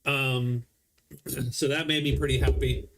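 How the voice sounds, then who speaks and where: A man's voice: medium pitch, little pitch movement, unhurried, crowd noise. A man casually commenting as he plays a board game solo, explaining the rules as he goes. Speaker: board game player streaming a solo playthrough.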